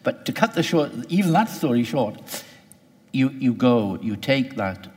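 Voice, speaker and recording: A man's voice: medium pitch, big pitch swings, measured pace, darkish tone, long reverb tail. A man interviewing a guest about her book, talking in a rambling, self-correcting way. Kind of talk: thoughtful radio interview.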